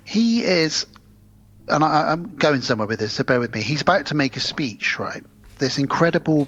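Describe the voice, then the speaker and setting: Podcast co-host, man, husky voice, lively storyteller. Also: medium pitch. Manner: animated, acts out film lines in put-on voices. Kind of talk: casual film discussion. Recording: slightly dull lo-fi sound.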